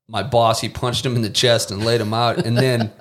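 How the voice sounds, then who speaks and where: Podcast guest, male, mid-pitched, laid-back storyteller who imitates the people in his stories. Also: moderate pace. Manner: lively anecdotes, mimics people he quotes, casual swearing. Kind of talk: casual storytelling.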